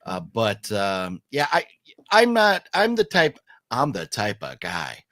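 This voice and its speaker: Man, movie podcast host, opinionated, animated intonation, dry close sound. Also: fairly low pitch, slow pace, dry recording. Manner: opinionated, emphatic, rambling with restarts. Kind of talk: casual movie chat.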